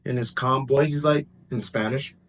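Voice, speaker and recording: A man telling a personal story in a casual, animated way, jumping between excited bursts and hushed asides. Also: medium pitch, moderate pace, a little hiss or hum. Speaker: vlogger.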